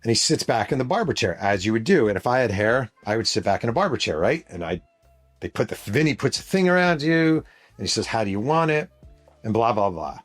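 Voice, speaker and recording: A man's voice: mid-range voice, big pitch swings, fast talker, faint music behind. A middle-aged man from New York State, hosting a podcast and retelling a story in a casual, profane, vivid way. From New York State, USA. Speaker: podcast host and author.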